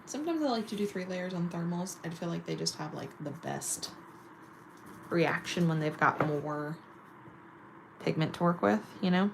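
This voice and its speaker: A woman's voice: on the low side, expressive, normal speed, creaky, noisy background. A woman chatting casually and giggling while doing her nails on camera. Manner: chatty, giggly, self-mocking. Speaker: nail vlogger.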